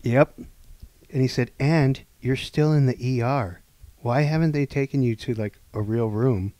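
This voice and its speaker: A man on a podcast telling a long story casually, acting out the people in it and swinging between loud and hushed delivery. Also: medium pitch, unhurried, no echo. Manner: animated, acts out quoted dialogue, swings between loud and hushed. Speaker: podcast co-host.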